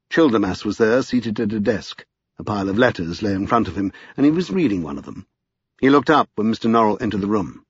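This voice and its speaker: A man narrating an audiobook in a measured, expressive storytelling manner. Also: fairly low pitch, breathy edge, dry recording. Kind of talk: scripted narration. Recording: slightly dull, dry lo-fi.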